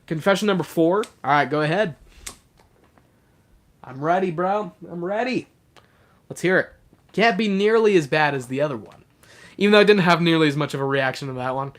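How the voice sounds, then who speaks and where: A man's voice: a little high, expressive, moderate pace, pauses often. A young man hosting a casual livestream, rambling with lots of fillers as he talks to his chat. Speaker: livestream host.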